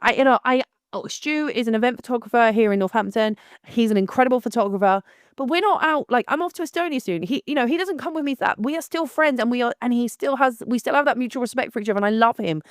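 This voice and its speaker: A young woman, hosting her own podcast in a blunt, animated, casual monologue with frequent restarts. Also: fairly high pitch, quick pace, no room sound, clean studio sound.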